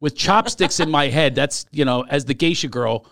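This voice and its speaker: A man's voice: on the high side, animated, moderate pace, fairly bright tone. A man in casual comedic chat, telling self-mocking stories in a wry way.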